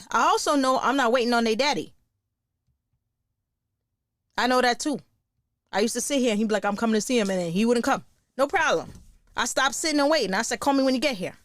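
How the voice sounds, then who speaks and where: A woman, hosting a podcast in a blunt, profane, animated casual monologue. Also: on the high side, no echo, clean studio sound. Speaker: podcast host.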